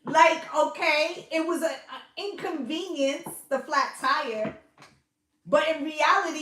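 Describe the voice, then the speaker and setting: An intuitive tarot reader with a high-pitched, fairly bright voice does a casual reading, swearing freely and checking in with her listeners in a chatty, coaxing way. A roomy echo colors the recording.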